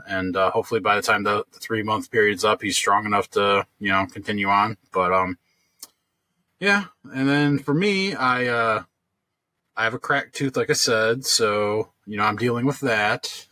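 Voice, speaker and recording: A man's voice: fairly low pitch, moderate pace, pushed and bright, no echo. A man co-hosting a podcast, telling a long story in casual chat, rambling with lots of fillers and restarts. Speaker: podcast co-host.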